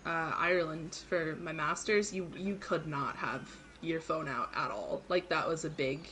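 A woman's voice: sits low, moderate pace, a bit bright, a little hiss or hum. A young woman in her twenties co-hosting a casual live stream, chatty and using "like" often. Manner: chatty, uses "like" a lot. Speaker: co-host.

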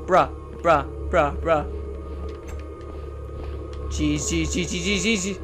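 Excitable young man playing a horror game. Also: on the high side, slow pace, pauses often, over music. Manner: excitable, yelps and shouts when scared, repeats words. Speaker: gaming channel host. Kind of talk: let's play commentary.

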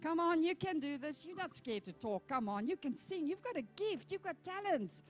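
God as an encouraging father, voiced by a woman preacher, keeps urging the listener forward. The voice is high and lively, with short, pressing phrases. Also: normal speed.

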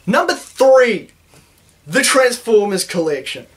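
Sarcastic high-voiced New Zealand man. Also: sing-song, slow, a bit bright, slight background noise. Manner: sarcastic, profane, mock-indignant. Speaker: YouTuber. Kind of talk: sarcastic vlog rant.

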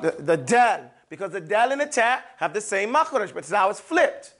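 A fairly high-voiced man, slightly bright and with big pitch swings, leads a classroom Quran recitation lesson, slowly drilling and repeating each sound several times while often checking that listeners are following.

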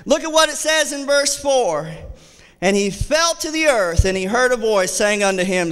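In a large hall of a church sanctuary, a man with an extremely high, expressive voice preaches fervently as associate pastor at normal speed, his tone clean and fairly bright. Repeating key phrases, he reads scripture aloud in archaic language.

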